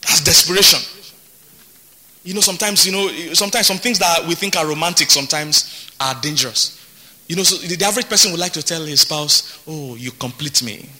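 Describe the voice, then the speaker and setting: Preaching as pastor, this man speaks on the high side with a brisk, bright, forceful tone. His delivery is emphatic, full of repeated words, with laughter between points.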